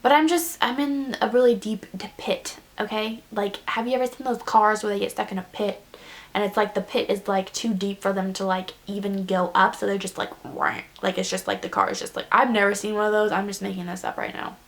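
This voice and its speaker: A woman's voice: mid-range voice, fairly even intonation, brisk, vocal fry. A young woman vlogging a casual confession, rambling and self-deprecating, close to tears. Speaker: beauty vlogger.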